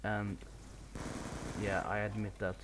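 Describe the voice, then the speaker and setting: A man from Sweden, with a Swedish accent and a fairly low voice, narrates his video game play live and casually, with little pitch movement and a slow pace. A bit nervous, he swears and laughs at himself against a noisy background.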